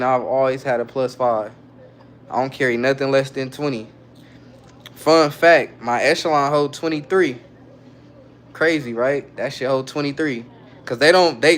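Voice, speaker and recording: A man's voice: medium pitch, slight background noise. A man hosting a casual livestream, talking loosely in slang as he reads viewer comments aloud and answers them. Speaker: livestreamer reading chat. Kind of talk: casual live-stream chat.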